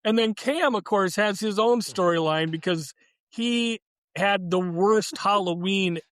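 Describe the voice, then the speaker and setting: Male podcast co-host, fairly high voice, chatty and loose, dry close mic. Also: measured pace, fairly bright tone, dry recording. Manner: chatty, laughs easily, many fillers and restarts. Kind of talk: casual chat.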